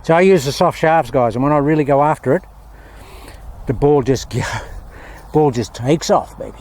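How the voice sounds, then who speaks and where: A man's voice: fairly high pitch, normal speed, darkish tone. An Australian man giving a casual, upbeat golf lesson outdoors at a windy range, chatting to viewers as he hits shots. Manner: chatty, upbeat, keeps calling viewers "guys". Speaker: golf instructor. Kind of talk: casual on-course golf instruction.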